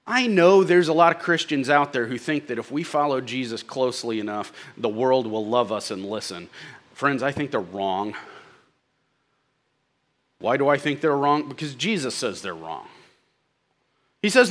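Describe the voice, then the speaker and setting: A man preaching a sermon who swings from loud exclamations to hushed lines and drops in folksy, joking asides. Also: mid-range voice, animated, normal speed, long pauses.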